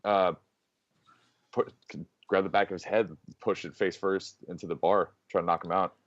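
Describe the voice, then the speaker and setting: A man playing a tabletop game, blunt and excitable, swearing freely. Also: sits low, normal speed, no echo, highs cut off. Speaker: player. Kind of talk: casual tabletop game chat.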